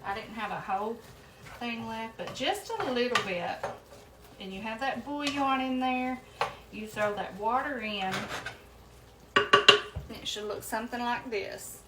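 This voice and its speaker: A woman hosting a home cooking show talks to viewers as "y'all" in a fairly high voice, keeping a measured pace with long pauses. Her kitchen echoes, the mic is placed at a distance, and heavy noise from sizzling, frying food carries through.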